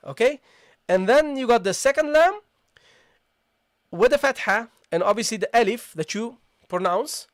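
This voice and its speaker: A recitation teacher giving a live online tajweed lesson, who explains patiently, often checks in with the class, addresses listeners casually, and slowly repeats the sounds being taught. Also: medium pitch, expressive, dry recording, studio quality.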